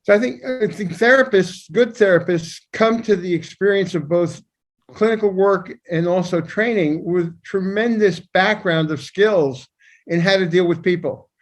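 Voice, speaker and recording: Older male co-host, high-pitched, blunt and emphatic in his opinions. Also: normal speed. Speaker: podcast co-host, psychiatrist. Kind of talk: conversational discussion.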